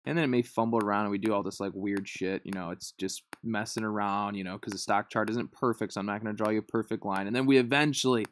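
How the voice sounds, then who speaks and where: A man's voice: fairly low pitch, steady tone, quick pace, few pauses. A man casually walking viewers through stock charts on screen, loose and chatty and often checking in with "right?". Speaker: stock trading instructor.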